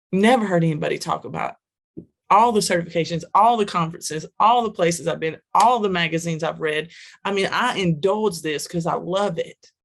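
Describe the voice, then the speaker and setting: Gravelly woman telling a heartfelt story. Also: lowish voice. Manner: vivid, repetitive, emphatic storytelling. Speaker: guest, trucking wellness business owner. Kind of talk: emotional storytelling in a podcast interview.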